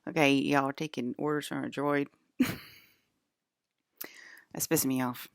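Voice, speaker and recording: Low gravelly woman rambling to camera. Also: steady tone, measured pace, dry recording, clean studio sound. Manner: rambling, laughs often, swears freely. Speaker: vlogger. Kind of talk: casual rambling monologue to camera.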